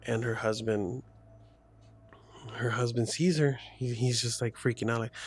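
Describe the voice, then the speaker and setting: A man's voice: medium pitch, steady tone, a little slow, husky. A man casually retelling a horror story, rambling with lots of "like" fillers and restarts.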